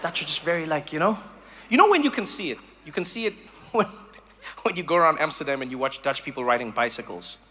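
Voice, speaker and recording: A man from Africa, doing a stand-up comedy set with animated storytelling that slips into mock voices. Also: a little high, fast, slight background noise. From South Africa.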